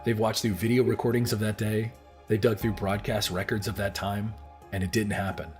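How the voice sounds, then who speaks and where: A man's voice: on the low side, little pitch movement, a little fast, darkish tone, faint music behind. A man in his thirties giving earnest, scripted narration and asking the viewers questions directly. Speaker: video narrator.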